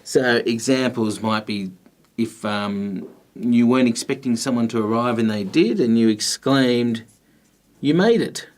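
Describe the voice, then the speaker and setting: A man teaching a grammar lesson, explaining in a patient, measured way with pauses. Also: mid-range voice, fairly even intonation.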